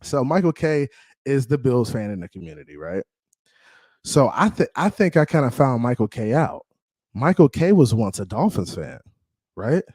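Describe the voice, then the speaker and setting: An animated man hosts a live sports stream, his pitch leaping all over as he hypes the chat and razzes rival fans. The sound is dry and close, with no room around it. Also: moderate pace, slightly rough, no echo. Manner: animated, trash-talking, shouting out viewers. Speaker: livestream sports show host. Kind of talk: casual live-stream banter.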